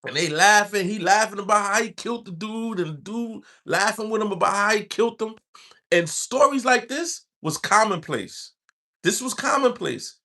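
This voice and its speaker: A man's voice: high-pitched, lively intonation, normal speed, bright, forceful tone. A man, telling his own story in loose street slang. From New York. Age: 40s. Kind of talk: casual storytelling.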